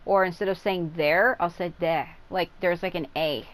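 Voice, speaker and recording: A woman's voice: on the low side, steady tone, normal speed, low-quality recording. Tired, chatty woman gaming. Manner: rambling and chatty, reacting aloud. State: tired and worn out. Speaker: gameplay streamer. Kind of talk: casual gameplay commentary.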